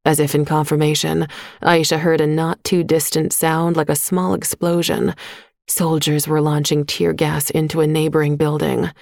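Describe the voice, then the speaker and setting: A woman narrating a short story in a measured, even voice on a close microphone. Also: sits low, vocal fry, no echo. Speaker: audiobook narrator. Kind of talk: scripted narration.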